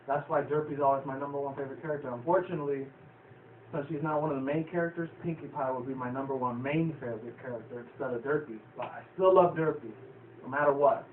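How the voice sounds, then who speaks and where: A man's voice: medium pitch, quick pace. Male vlogger, casual rambling recap, profane, chuckly; tinny phone-like audio with faint background hiss. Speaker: vlogger reviewing a cartoon episode. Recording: tinny lo-fi, echoey, distant from the mic.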